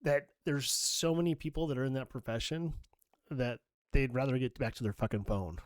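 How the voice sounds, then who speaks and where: A middle-aged man who works as a nurse, co-hosting a podcast and telling work stories in a casual, animated way, swearing freely and acting out what people said. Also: mid-range voice, normal speed, dry recording. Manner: animated storyteller, swears freely, acts out quoted dialogue.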